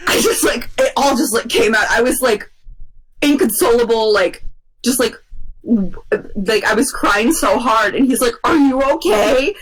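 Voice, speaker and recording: A woman's voice: a little high, moderate pace, fairly bright tone, low-quality recording. A woman co-hosting a podcast, telling a long work story in casual chat, rambling with lots of fillers and restarts.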